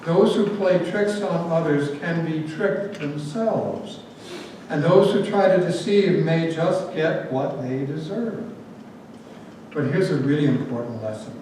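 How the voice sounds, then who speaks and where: A male preacher with a fairly high voice tells a story to his congregation, slipping in wry asides as he goes. He is recorded from a distance in a very echoey room, with a faint hiss underneath. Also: measured pace. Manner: lively storyteller, adds asides and jokes. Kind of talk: storytelling sermon. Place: large room with a gathered audience.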